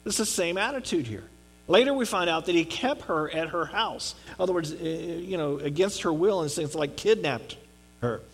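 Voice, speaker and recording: A man's voice: on the high side, expressive, normal speed, husky. Earnest man teaching a Bible passage. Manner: earnest, checks in with listeners often. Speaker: pastor.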